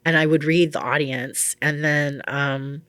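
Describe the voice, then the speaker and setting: A woman's voice: low-pitched, measured pace, no room sound. A middle-aged woman from Hawaii, a psychic and spiritual teacher, telling stories in a casual interview and acting out quoted voices. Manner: animated storyteller, acts out quoted voices, laughs often.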